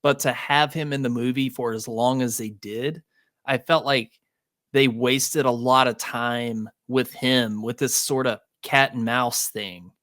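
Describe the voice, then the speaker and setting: Slow-talking male podcast guest. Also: mid-range voice, fairly even intonation, a bit bright, no room sound, clean studio sound. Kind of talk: casual film review chat.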